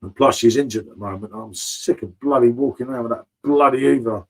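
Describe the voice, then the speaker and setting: Chatty bloke saying mate a lot. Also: male voice, medium pitch, a little fast, low-quality recording. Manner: chatty, swears freely, calls everyone mate. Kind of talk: casual live-stream chat. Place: home bar.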